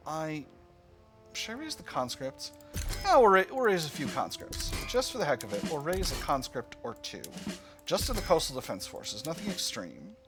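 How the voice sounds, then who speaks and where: Lively-pitched man musing over a strategy game. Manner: musing, playful asides, sudden high squeals of delight. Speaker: strategy game let's-player. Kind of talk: casual gameplay commentary. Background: game music.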